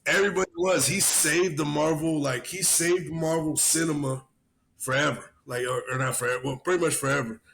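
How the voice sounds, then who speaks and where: A man co-hosting a casual podcast, talking in a profane, rambling, animated way and telling stories. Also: a little high, a little fast, creaky, slight background noise. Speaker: podcast co-host. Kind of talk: casual chat.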